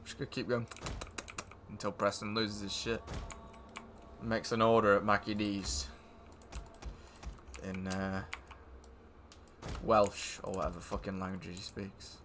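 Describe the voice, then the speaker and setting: A man's voice: lowish voice, flat delivery, a little slow, pauses often, fairly bright tone, a little hiss or hum. A man streaming a game live, giving casual commentary full of blunt, profane banter.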